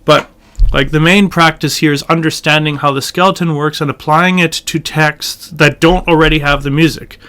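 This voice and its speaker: A man walks through a chant lesson in a loose, conversational manner, full of little fillers and restarts. His voice sits a touch high and sounds smooth and clean. He talks the listener through each phrase. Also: normal speed. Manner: relaxed, thinks aloud with fillers, breaks into sung chant phrases. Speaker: chant teacher. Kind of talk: casual tutorial explaining and singing chant.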